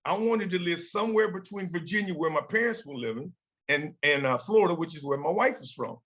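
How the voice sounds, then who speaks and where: A man's voice: on the high side, expressive, fairly quick, fairly bright tone, muffled recording. Older man telling leadership stories. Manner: storytelling, acts out quoted dialogue. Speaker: guest speaker. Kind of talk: motivational talk with slides.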